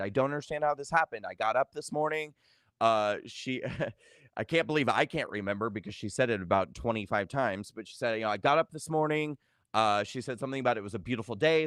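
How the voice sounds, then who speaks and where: A man's voice: mid-range voice, a bit bright, clean tone, no room sound, studio quality. A middle-aged man recounting a family event in a vlog, hesitant, with many fillers and restarts. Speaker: vlogger. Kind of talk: personal storytelling to camera.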